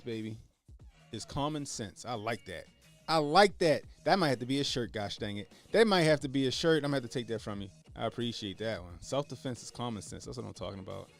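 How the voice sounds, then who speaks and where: A man hosting a casual livestream, talking animatedly with lots of swearing and laughter while answering his chat. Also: fairly high pitch. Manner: animated, profane, laughing, reading chat aloud. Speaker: livestream host.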